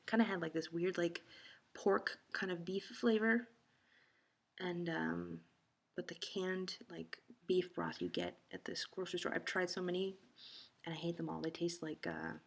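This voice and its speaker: Tired, gravelly-voiced woman rambling at home. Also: fairly low pitch. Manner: rambling, sleepy. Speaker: vlogger. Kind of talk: casual video diary.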